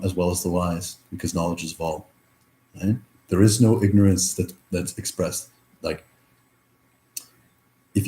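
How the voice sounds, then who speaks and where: A man's voice: on the low side, warm tone. A young man in a reflective personal monologue, rambling through many fillers and swearing freely. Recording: echoey room.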